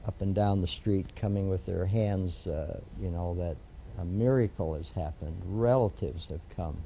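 This is an older American man, a federal judge being interviewed for an oral history, whose deep, dark voice carries vocal fry at a moderate pace. His storytelling is warm and rambling, full of fillers and restarts, over a slight hiss or hum.

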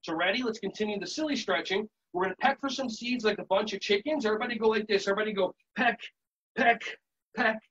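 A high-pitched man running a lively live workshop, switching between quick explanations, sing-song chanting and sudden shouted calls. The sound is dull and lo-fi, like streamed conference audio. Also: slight background noise. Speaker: children's yoga and martial arts instructor. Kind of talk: live virtual workshop demonstration.

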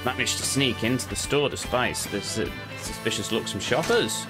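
A man's voice: medium pitch, normal speed, over loud music. A man casually commenting while playing a game, muttering to himself with dry jokes. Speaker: let's play host.

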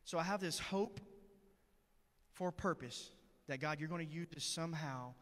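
Preacher with a slightly raised voice, reverberant hall. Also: male voice, fairly high pitch, normal speed, fairly bright tone. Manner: storytelling, conversational and earnest. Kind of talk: sermon. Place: church sanctuary.

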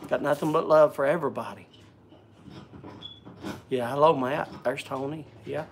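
A man's voice: on the high side, steady tone, normal speed, slight background noise. A man hosting a casual live stream, joking and chatting, greeting viewers by name, often repeating and stumbling over words.

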